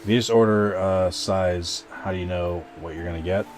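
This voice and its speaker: A man's voice: deep voice, fairly even intonation, moderate pace, darkish tone, soft background music. A man streaming a game and chatting with viewers in a rambling, casual way, full of fillers and restarts. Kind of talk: casual live-stream chat while gaming.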